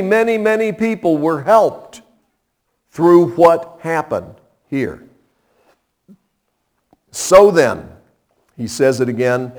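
A man preaching a sermon as pastor, impassioned and climbing to high, emphatic peaks.

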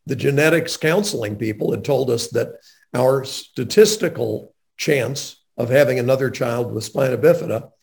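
A man's voice: medium pitch, moderate pace, vocal fry, a little mellow. A man interviewing a guest in a faith-based conversation, speaking in an earnest, emphatic way.

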